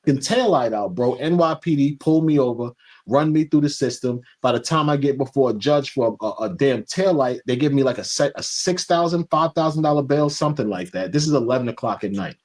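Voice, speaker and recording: A man telling a long, lively anecdote and acting out the dialogue. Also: medium pitch, brisk. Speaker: interview guest. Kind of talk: casual storytelling.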